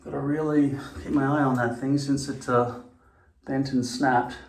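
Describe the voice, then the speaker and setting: A man's voice: medium pitch, level tone, moderate pace, slight background noise. A man talking casually to camera, rambling, swearing and correcting himself mid-sentence. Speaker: vlogger. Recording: echoey room.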